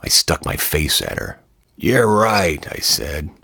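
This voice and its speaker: A man with a low, deep voice narrates a first-person story with wry, conversational ease. The sound is dry and close. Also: animated, a little slow, creaky, sharp tone, slightly rough, dry recording.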